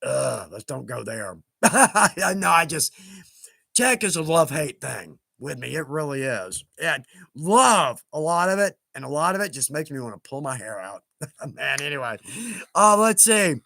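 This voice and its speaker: Male livestream host, high bright voice, chatty and self-deprecating, quick to laugh, dry close sound. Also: big pitch swings, gravelly, no room sound. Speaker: livestream host reading viewer comments. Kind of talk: casual livestream chat.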